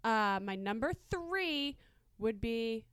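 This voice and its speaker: A woman's voice: fairly high pitch, lively intonation, slow, a bit bright, clear, resonant tone, dry recording, clean studio sound. A woman co-hosting a podcast, chatting casually and telling stories about her school years. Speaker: podcast co-host. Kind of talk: casual chat.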